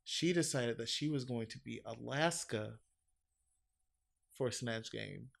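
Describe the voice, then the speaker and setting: A man chatting casually on a podcast, rambling and profane, laughing loudly and mimicking others in high exaggerated tones. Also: takes it slowly, vocal fry. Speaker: podcast co-host. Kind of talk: casual chat.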